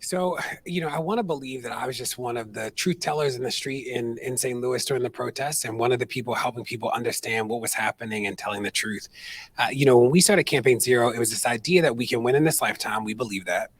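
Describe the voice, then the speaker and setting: A man in his thirties speaking on stage at an event, telling animated stories and acting out other people's voices in casual talk. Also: mid-range voice, fast, breathy edge, no echo. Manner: animated, quotes people in put-on voices, conversational with fillers. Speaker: activist speaker. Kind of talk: storytelling on stage, answering audience question.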